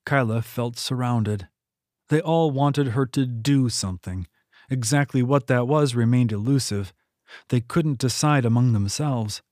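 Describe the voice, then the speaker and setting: A man reading a fantasy novel aloud in a steady storytelling manner. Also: measured pace, no echo, clean studio sound. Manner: steady storytelling read, lifting pitch for quoted characters. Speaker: audiobook narrator. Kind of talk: scripted narration.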